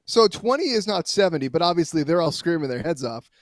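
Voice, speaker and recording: A man reporting as a guest on a sports talk show, telling a long story in a rambling, animated way with many restarts. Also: on the high side, quick pace, no echo, clean studio sound.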